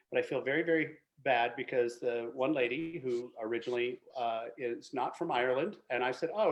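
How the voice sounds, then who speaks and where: Chatty joking male winemaker host. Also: medium pitch. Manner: joking, chatty, with frequent restarts. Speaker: winemaker hosting a virtual tasting. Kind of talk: casual hosted chat.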